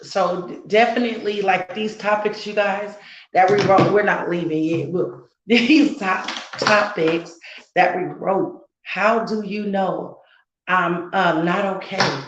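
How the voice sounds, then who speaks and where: A woman's voice: mid-range voice, fairly even intonation, slow, roomy sound, background noise. A woman co-hosting a casual heart-to-heart talk as a mother, earnest and growing fervent and preachy, repeating words for emphasis. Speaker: co-host, mother.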